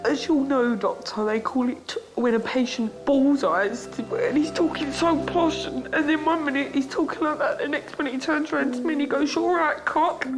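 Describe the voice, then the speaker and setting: A high-pitched woman giving a documentary interview about a relative in hospital. She talks bluntly and emotionally, swearing now and then, with clear music playing under her voice. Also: moderate pace, rough recording. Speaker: patient's relative.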